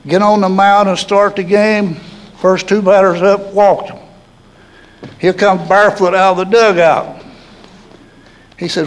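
A man's voice: high voice, fairly even intonation, measured pace, long pauses, low-quality recording. An older man with a Southern American accent tells stories in an interview, folksy and chuckling. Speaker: hall of fame inductee. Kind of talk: storytelling interview.

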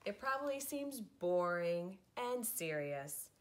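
A woman's voice: on the low side, sing-song, slow, a little hiss or hum. A woman, a preschool teacher, reading a picture book aloud to children in a playful, theatrical way. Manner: playful, theatrical, switches into silly voices.

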